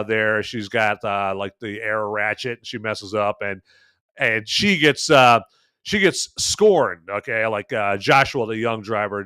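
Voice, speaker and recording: A man hosting a podcast and reviewing a film in a loose, chatty way, with plenty of "uh"s and punchy asides. His voice is smooth and resonant, and it sits in a dry, close-miked sound with no room echo. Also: medium pitch, sharp tone. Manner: chatty, filler-heavy, emphatic asides. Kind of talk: casual spoken film review.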